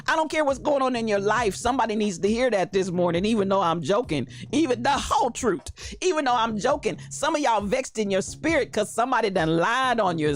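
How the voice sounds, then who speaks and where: A woman hosting a casual livestream, greeting viewers by name in a playful, animated way with frequent laughter. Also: medium pitch. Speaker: livestream host.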